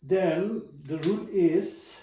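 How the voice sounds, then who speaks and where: In this slow spoken language lesson, the Tibetan-accented teacher takes his time, his voice sitting high with a dark tone as he patiently explains rules step by step and repeats words. It sounds recorded in an echoey room through a distant mic, with faint noise.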